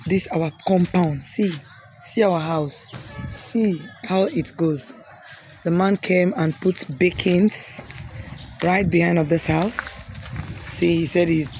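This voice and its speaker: A woman's voice: fairly low pitch, a little mellow, slight background noise. Woman speaking Sierra Leonean Krio. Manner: teasing, rapid questioning, then explaining. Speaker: vlogger. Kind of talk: casual vlog talk, teasing and touring.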